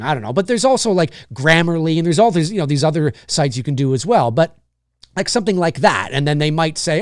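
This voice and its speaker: Male livestream host, high voice, dry close sound, rambling and candid, plenty of self-corrections. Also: expressive, quick pace, no echo. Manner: rambling, thinking aloud with many restarts; candid, casual swearing. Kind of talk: casual chat.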